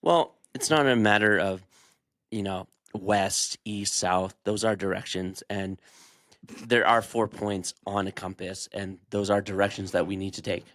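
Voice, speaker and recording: A man's voice: on the low side, fairly even intonation, measured pace, a bit bright, no echo, clean studio sound, pitched below the performer's own voice. A man putting on an evasive politician who rambles in empty phrases with many ums.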